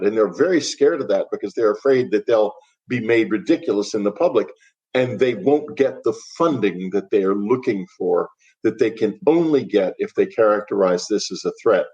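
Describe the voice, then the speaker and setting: An older man with a somewhat low voice, answering interview questions in a reflective, wry way. He often pauses, restarts his sentences and gives a dry laugh. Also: animated, darkish tone. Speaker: guest author. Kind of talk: podcast interview.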